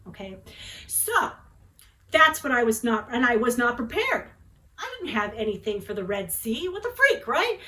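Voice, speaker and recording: On a low-quality recording, a woman in her forties with a slightly high, somewhat bright voice vlogs about something that happened to her. She's dramatic and talkative, repeatedly checking in with tag questions.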